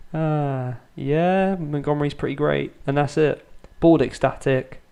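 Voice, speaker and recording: This man's voice sits somewhat high and is gravelly yet clean in tone, moving slowly with fairly even intonation. In his thirties and a gaming YouTuber, he provides Let's Play commentary at home at night, quiet and restrained so his children stay asleep. His humour is dry and self-mocking.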